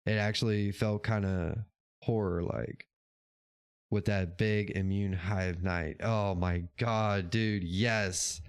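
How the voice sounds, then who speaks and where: A man's voice: fairly low pitch, fairly even intonation, takes it slowly, clear, resonant tone, no echo, clean studio sound. A man hosting a casual livestream show, chatting with his chat in a laid-back, rambling way, swearing now and then and laughing often. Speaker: podcast host reading live chat.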